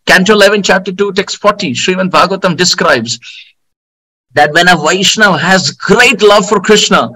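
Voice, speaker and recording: A man giving a devotional sermon, telling stories in an animated way, with outbursts and frequent laughter. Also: high voice, normal speed, rough recording. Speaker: spiritual teacher.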